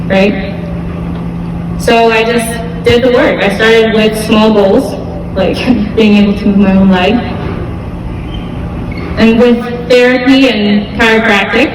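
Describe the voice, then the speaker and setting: A young woman gives a relaxed, heartfelt talk to a school audience, with many fillers and repeated words. She sounds distant from the mic, with long reverb from a large hall and a steady noisy background. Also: medium pitch, takes it slowly, long pauses. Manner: casual, earnest, with fillers and repeats. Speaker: guest speaker at a school event. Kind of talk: motivational talk to students. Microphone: distant camera mic. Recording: echoey gym, far from the mic.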